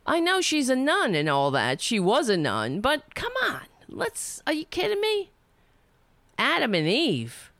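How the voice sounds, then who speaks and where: Unhurried indignant woman storyteller, dry close sound. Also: high voice, a bit bright, no room sound. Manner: rambling, indignant, profane, trailing off. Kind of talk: personal storytelling monologue.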